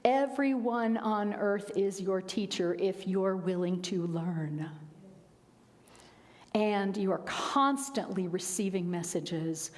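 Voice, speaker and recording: A woman minister giving a sermon, telling stories in a conversational way with quiet, emphatic asides. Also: mid-range voice, takes it slowly, long reverb tail. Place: church sanctuary.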